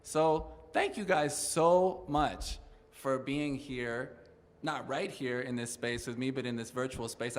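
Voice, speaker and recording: A man hosting an interactive children's music session at home, gently encouraging the kids to move along. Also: medium pitch, long reverb tail, slight background noise. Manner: upbeat, gentle, encouraging, addresses kids directly. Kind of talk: interactive kids' music session, talking and singing. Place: indoors, streamed at home.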